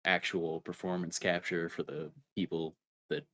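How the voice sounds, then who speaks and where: A man's voice: sits low, flat delivery, unhurried, bright, forceful tone, a little hiss or hum. A young man co-hosting a gaming podcast, laid-back and hesitant, often trailing off. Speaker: podcast co-host. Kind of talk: casual gaming podcast chat.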